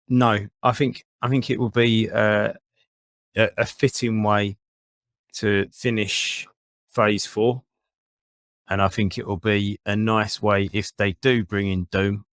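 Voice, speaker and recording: A man co-hosting a casual podcast chat, halting and often repeating his words. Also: lowish voice, little pitch movement, a bit bright, no echo, studio quality. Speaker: podcast co-host.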